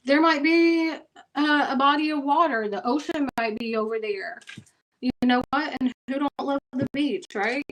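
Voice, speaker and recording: A woman's voice: high voice, moderate pace, slight background noise, low-quality recording. A woman doing a tarot reading for her viewers, chatty and emphatic, often checking in with "okay" and "y'all". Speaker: tarot reader.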